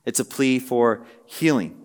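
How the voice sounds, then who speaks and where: A man preaching a casual teaching sermon, his mid-pitched voice carrying a long reverb through the hall. He talks conversationally, full of "like" and "right?", then builds to emphatic, repeated phrases. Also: animated, measured pace.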